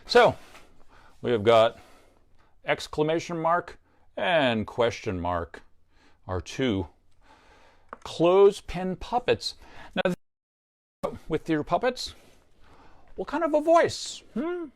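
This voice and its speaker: A man's voice: fairly high pitch, sing-song, takes it slowly, pauses often. A man hosting a children's puppet craft tutorial, chatty and upbeat, explaining each step as he works. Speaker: puppeteer and craft show host.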